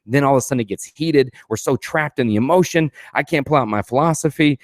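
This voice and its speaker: A man's voice: medium pitch, fast, few pauses, no echo, clean studio sound. A man hosting a podcast, talking through ideas from his own book in a casual, emphatic way, swearing freely and asking rhetorical questions. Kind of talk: casual motivational talk.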